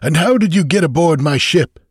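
A man voicing a grim, vain pirate captain in an audiobook reading, with loud, grating, angry challenges. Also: fairly high pitch, expressive, very slow, breathy edge, dry recording, studio quality, voice pushed up, exaggerated voice. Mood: hostile.

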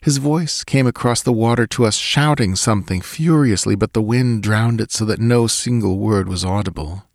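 Low-voiced man reading a story, dry sound. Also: no echo. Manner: measured, deliberate reading. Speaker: audiobook narrator. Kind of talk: scripted story narration.

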